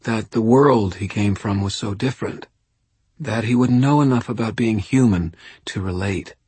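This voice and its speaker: A male narrator voicing a drowsy, drugged young woman who speaks softly with slurred consonants. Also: on the low side, moderate pace, slightly rough, no echo, pitched above the performer's own voice. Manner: soft, slurred.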